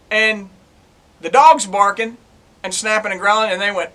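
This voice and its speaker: A man's voice: high-pitched, moderate pace. A middle-aged man, a former police officer telling his stories to his own camera in a plainspoken, folksy way. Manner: folksy, plainspoken, animated retelling. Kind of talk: casual storytelling to camera.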